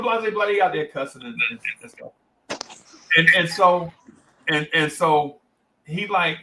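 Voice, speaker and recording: A man's voice: on the high side, moderate pace, slight background noise, low-quality recording. A man hosting a livestream, animatedly telling a story and reading out chat comments. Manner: animated storyteller, acts out voices, reads chat aloud. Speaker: livestream host.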